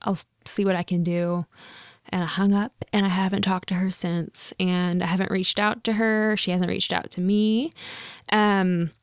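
A woman's voice: on the low side, flat delivery, measured pace, smooth, no echo, clean studio sound. Chatty young woman telling a story. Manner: chatty, many fillers, laughs often. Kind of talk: casual storytelling vlog.

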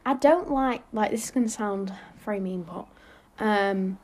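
A woman's voice: mid-range voice, unhurried, a little mellow. A teenage girl co-hosting a casual chat podcast, chatty and steering the topics.

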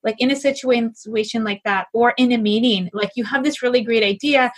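A woman's voice: a little high, fairly quick, husky. A woman podcast host asking curious, conversational questions. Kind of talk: podcast interview.

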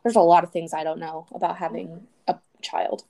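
A woman's voice: on the low side, level tone, a little fast, mellow. A young woman co-hosting a podcast, chatting casually and rambling with many fillers. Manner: rambling with many likes and restarts. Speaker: podcast co-host. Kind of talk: casual chat.

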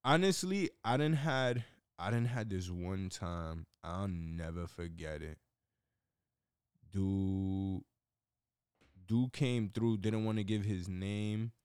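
A young man in casual chat, telling animated stories in heavy slang and repeating himself. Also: deep voice, clean tone, no echo, studio quality.

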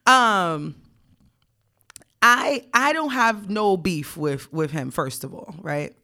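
A woman's voice: medium pitch, lively intonation, slow pace, bright, forceful tone. A young woman co-hosting a podcast, telling a story bluntly and candidly, often laughing. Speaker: podcast co-host. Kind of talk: casual podcast chat.

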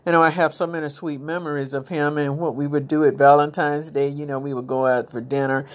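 Low-voiced middle-aged woman podcaster. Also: level tone, a little fast. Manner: rambling, warm-hearted, preachy asides. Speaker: podcast host. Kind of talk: casual inspirational monologue.

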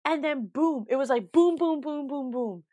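A woman's voice: high voice, moderate pace, warm tone, dry recording. A young woman in casual chat, emphatic and given to repeating words for effect.

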